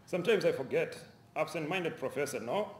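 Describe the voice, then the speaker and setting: A man's voice: a little high, brisk, slight background noise, pitched above the performer's own voice, close to an everyday voice. A man reading as a cool, aloof professor. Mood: composed. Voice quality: clipped, broken English phrasing. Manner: calm, dismissive. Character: composed, aloof male professor suspect. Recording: roomy lecture hall echo.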